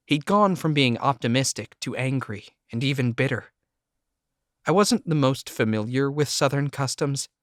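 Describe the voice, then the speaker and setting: A man's voice: mid-range voice, a bit bright, dry recording. Dry-voiced male audiobook narrator. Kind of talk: first-person audiobook narration.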